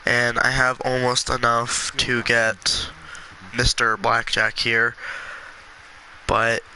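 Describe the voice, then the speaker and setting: A congested man talking earnestly and with passion in a gaming vlog, with halting restarts. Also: mid-range voice, monotone, bright, forceful tone, slight background noise, poor audio. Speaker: gaming video creator.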